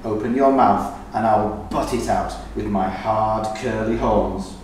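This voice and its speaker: Man voicing a farm bull, steady, mid-pitched, distant room sound. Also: unhurried, a little hiss or hum, close to an everyday voice. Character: farm bull with curly horns. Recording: echoey room, distant mic.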